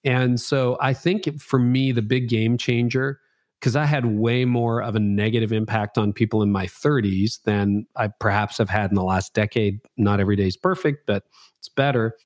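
A man's voice: fairly low pitch, steady tone, moderate pace, darkish tone, no echo, studio quality. A man in his fifties, a pastor being interviewed, speaking candidly and reflectively with a self-deprecating streak. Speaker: pastor and guest.

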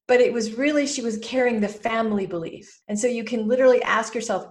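A middle-aged woman, a podcast guest who mentors business owners, talking lively and acting out inner voices. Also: a little high, brisk. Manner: animated, acts out inner voices in quotes. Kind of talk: podcast interview.

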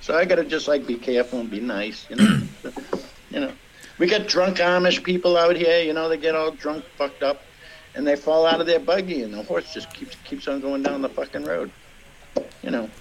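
A man's voice: on the high side, normal speed, low-quality recording. A middle-aged man, a comedian guest from the Boston area, telling rambling, profane stories in casual podcast chat.

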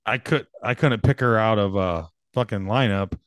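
A man co-hosting a podcast in casual chat, laid-back and deadpan, with profane asides. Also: fairly low pitch, normal speed, clear, resonant tone, dry recording, clean studio sound. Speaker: podcast co-host.

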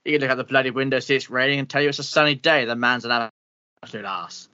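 A man's voice: medium pitch, fairly even intonation, fast talker, sharp tone, no echo, dull audio, lightly acted. A man playing a pompous, bitter older meteorologist with an upper-class English accent, blustering and grumbling in an improvised comedy interview. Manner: blustering, grumbling, swears mildly.

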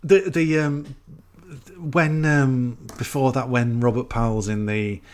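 A man chats casually on a podcast about a film. His voice is mid-pitched and his tone is amused and incredulous as he pokes fun at its clumsy choices. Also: fairly even intonation, takes it slowly. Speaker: podcast co-host.

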